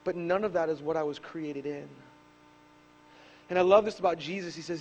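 A man preaching a sermon to a live congregation, swinging between loud emphatic bursts and hushed asides. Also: a little high, normal speed, pauses often, muffled recording, a little hiss or hum. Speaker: pastor. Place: church service with a live congregation.

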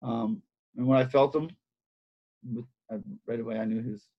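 Male wrestling coach, mid pitch, slightly husky, chatty and animated. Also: moderate pace. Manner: animated, repeats phrases, many fillers. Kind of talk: casual interview storytelling. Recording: dull lo-fi sound.

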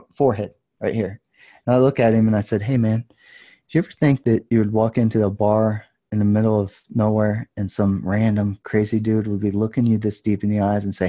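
A man in his thirties, a podcast guest, telling a story in an earnest, intense way that rises at times into loud passion. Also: mid-range voice. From United States. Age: 30s. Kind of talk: casual storytelling.

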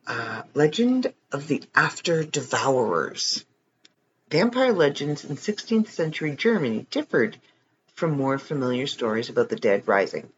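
A man's voice: medium pitch, sing-song, a little slow, muffled recording, slight background noise. A man casually reading articles aloud, adding joking comments between passages. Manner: joking, reads text then adds wry comments. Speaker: reader of online articles.

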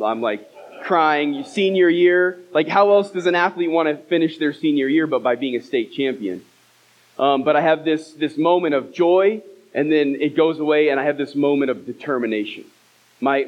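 A man's voice: on the high side, muffled recording. A man in his thirties, a pastor preaching a sermon and telling a personal story, acting out the voices in it. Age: 30s. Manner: storytelling, acts out dialogue. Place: church hall.

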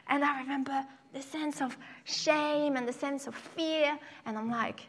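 A young woman preaching, telling a personal story in an animated way and acting out voices. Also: normal speed, long reverb tail, a little hiss or hum. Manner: animated storyteller, acts out voices with sudden high pitch.

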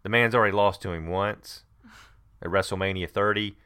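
A man's voice: low-pitched, fairly even intonation, a little fast, sharp tone, clear, resonant tone. A middle-aged man co-hosting a podcast, giving wrestling predictions in an emphatic, enthusiastic way with frequent restarts. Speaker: podcast co-host. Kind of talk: casual wrestling prediction chat.

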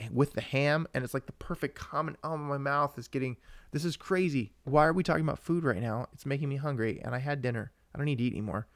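Man, young, chatty podcast host, rambling and excited, dry room. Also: mid-range voice, dry recording. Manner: rambling and excitable, with frequent restarts and asides to viewers. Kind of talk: casual live-stream chat.

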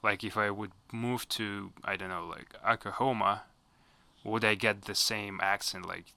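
Bright-voiced man with a Russian accent. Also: lowish voice, a little slow, dry recording. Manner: animated, swears casually. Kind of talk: casual chat.

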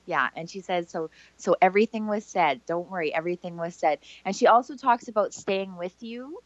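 A woman co-hosting a live call-in show as a medium, speaking gently and haltingly as she passes on messages. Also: fairly low pitch, dry recording, highs cut off. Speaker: psychic medium co-host.

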